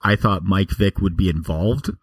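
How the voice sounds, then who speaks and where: A man's voice: low-pitched, normal speed, breathy edge, no echo, distant mic. A man co-hosting a podcast, chiming in with dry, teasing remarks. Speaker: podcast co-host. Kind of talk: casual chat.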